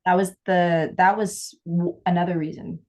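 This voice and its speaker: Candid woman with a low voice. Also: little pitch movement, moderate pace, darkish tone. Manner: candid, rambling with frequent restarts and quoted asides. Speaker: podcast co-host. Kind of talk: casual heartfelt conversation.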